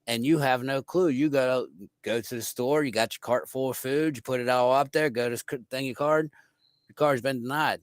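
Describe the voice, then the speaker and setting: Brief: laid-back male podcast co-host, middle pitch, dry close sound. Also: normal speed, smooth, no room sound. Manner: loose, relaxed, filler-heavy. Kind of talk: casual podcast talk.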